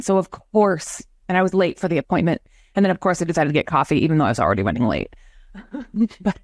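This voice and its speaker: A woman's voice: fairly low pitch, no room sound, studio quality. A woman who works as a real estate agent and hosts a show, chatting casually and telling stories with acted-out quotes. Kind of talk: casual livestream chat.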